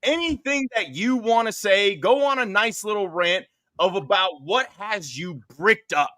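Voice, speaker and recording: A male podcast host with a high, lively voice that swoops around as he teases his guest. His bright, sharp tone sits close and dry on the mic. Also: unhurried, no echo. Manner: playful, teasing, wordy rants. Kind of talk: casual podcast chat.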